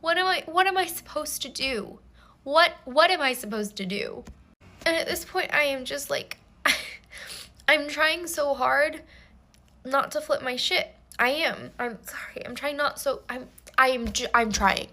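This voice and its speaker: Brief: young woman, high bright voice, deadpan-serious comic storyteller who trips over her words. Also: measured pace. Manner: mock-earnest, rambling with restarts. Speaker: TikTok storyteller. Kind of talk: comedic storytime monologue.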